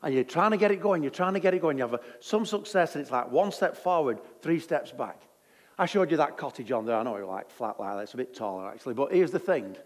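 A man's voice: medium pitch, animated, fast talker, big-room sound. A man preaching a sermon in a jokey, conversational way.

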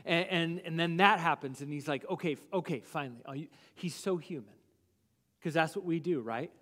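High-voiced pastor preaching in a reverberant hall. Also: male voice. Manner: animated, acts out biblical figures' objections in quick asides. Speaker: lead pastor. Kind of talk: sermon. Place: church sanctuary.

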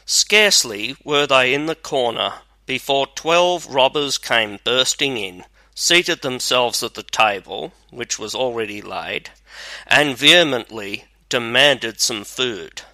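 A man narrating a fairy tale in a measured, even reading. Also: mid-range voice, dry recording. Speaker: storyteller.

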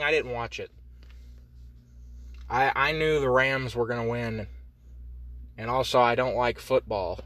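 A man from Indiana rants alone on his podcast, swearing freely and wandering from topic to topic with sarcastic asides. His voice is bright and forceful at an average pitch. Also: fairly even intonation, measured pace, long pauses, no echo. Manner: profane, rambling, sarcastic. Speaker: podcast host. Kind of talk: solo comedy podcast rant.

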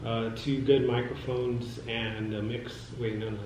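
A man co-hosting a podcast, talking in a relaxed, easygoing way. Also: mid-range voice, a little slow, distant mic, crowd noise. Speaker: podcast co-host. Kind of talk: casual podcast chat. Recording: very echoey room, faint noise.

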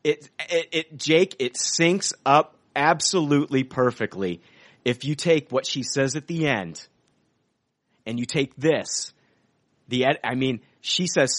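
An excitable man of middling pitch, co-hosting a casual podcast and swearing freely as he talks. The sound is dry and close, with no room around him. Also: normal speed, no room sound. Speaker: podcast co-host. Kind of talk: casual film discussion.

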